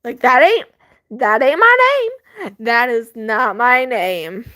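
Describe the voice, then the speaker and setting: A woman's voice: on the high side, animated, slow, bright, forceful tone, dry recording. Giggly teen girl rambling about school. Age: teens. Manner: rambling, giggly, lots of fillers. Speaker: student vlogger. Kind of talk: casual chat. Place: bedroom at home.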